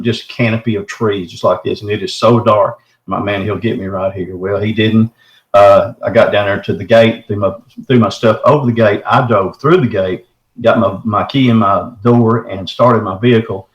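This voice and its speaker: A middle-aged man from the Texarkana area of the southern United States calls in to earnestly recount a personal encounter in a folksy manner. His voice is medium-pitched, and the recording sounds reverberant and lo-fi.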